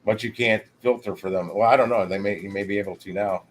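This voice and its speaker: A man hosting a casual livestream, rambling along with halting restarts. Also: on the low side, steady tone. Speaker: livestream host.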